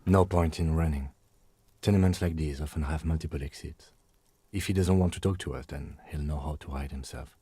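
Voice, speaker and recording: An actor voicing a calm, pragmatic male police lieutenant in a game, speaking in a measured way. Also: rumbling low, husky, no room sound. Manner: measured, matter-of-fact. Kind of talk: scripted game dialogue.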